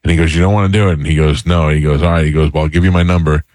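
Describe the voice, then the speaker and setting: A deep, low-pitched man hosts a radio talk show, talking fast and acting out quotes as he tells a story. His voice sits close to the mic with a dry studio sound. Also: fairly even intonation, a little mellow, no echo. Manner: quick, storytelling with acted quotes.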